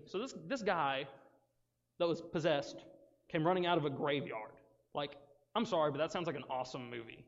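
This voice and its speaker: A young man giving a casual, joking youth sermon, animated and often breaking into asides. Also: on the high side, normal speed, creaky. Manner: joking, animated, self-interrupting. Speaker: youth speaker. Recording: dull sound with long hall reverb.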